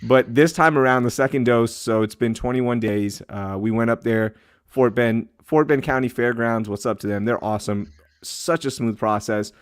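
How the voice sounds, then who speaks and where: Animated man telling a story on a dry podcast mic. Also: mid-range voice, moderate pace, smooth, no room sound. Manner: animated storytelling, mocking himself. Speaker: podcast co-host. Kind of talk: casual chat.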